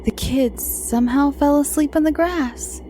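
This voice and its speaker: This host has a high, warm voice. She tells children spooky bedtime stories slowly and dramatically, occasionally lowering to a whisper, while faint music runs underneath.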